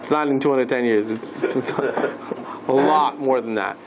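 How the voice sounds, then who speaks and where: A man teaching a class as a rabbi, lively and playful, asking the listeners questions and mixing Hebrew terms into his lesson. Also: medium pitch, measured pace, noisy background.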